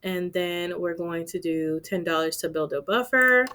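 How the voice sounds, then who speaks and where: A woman with a fairly low, pushed and bright voice talks through her budget at a moderate pace for viewers. Casual, chatty, and playful, she throws in asides to herself. Slight background noise is present.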